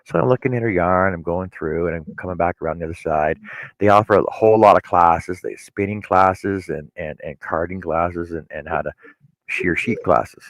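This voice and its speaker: Low-voiced man telling a rambling story. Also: moderate pace, no room sound, rough recording. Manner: rambling storyteller, many restarts. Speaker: co-host. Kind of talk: casual chat.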